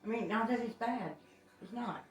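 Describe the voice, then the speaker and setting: A woman's voice: a little high, normal speed, echoey room, far from the mic. A woman chatting casually at home in the kitchen, persistent and coaxing.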